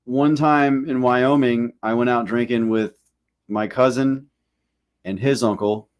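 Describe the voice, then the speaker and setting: Guy with a lowish voice rambling thru a story on a podcast, swears a lot, cracks himself up. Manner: rambling storyteller, swears freely, laughs at his own stories. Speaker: podcast co-host. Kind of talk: casual chat.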